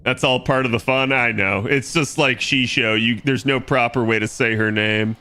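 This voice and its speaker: A man's voice: medium pitch, fairly even intonation, normal speed, sharp tone. A man streaming himself playing an online game, chatting loosely with his viewers. He rambles, corrects himself and swears casually. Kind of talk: casual live-stream gaming chat.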